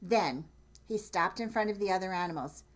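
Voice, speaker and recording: A woman's voice: medium pitch, normal speed. A woman reading a picture book aloud, often chuckling and pointing out the pictures. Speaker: storyteller.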